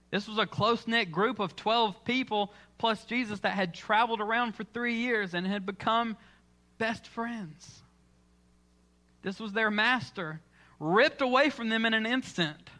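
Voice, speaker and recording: Guy preaching in church, acts out the story, bright high voice. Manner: dramatic storytelling, acting out quoted lines. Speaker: pastor. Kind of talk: sermon.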